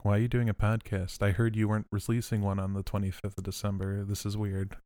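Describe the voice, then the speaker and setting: A man voicing his co-host's pet cat, which is annoyed at being ignored, in a deadpan mock complaint. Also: on the low side, fast talker, no echo, lightly acted. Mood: grumbling.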